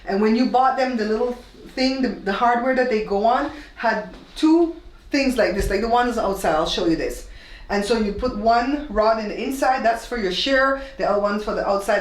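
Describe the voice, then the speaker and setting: A woman from Belize hosting a casual home tour vlog, explaining things step by step to her viewers. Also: medium pitch. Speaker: host. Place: newly renovated room, indoors. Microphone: camera held by her husband, some distance off. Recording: echoey bare room.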